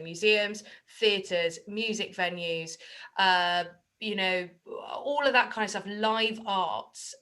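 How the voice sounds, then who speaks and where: A woman's voice: medium pitch, bright, forceful tone. A woman on a video call, speaking earnestly and pleadingly, with hesitant fillers. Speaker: cast member. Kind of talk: casual chat on a video call.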